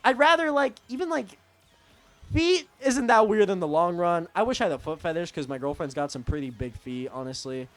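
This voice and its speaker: A man's voice: high voice, lively intonation, fairly quick, fairly bright tone. A young man telling a story in a casual, profane, rambling rant as a vlogger.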